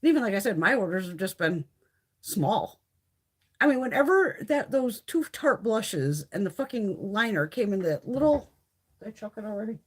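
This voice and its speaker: On a live stream, a middle-aged woman chats casually with viewers in a slightly rough, mid-range voice at normal speed. She curses nonstop and brings quoted exchanges to life in an animated, talkative way.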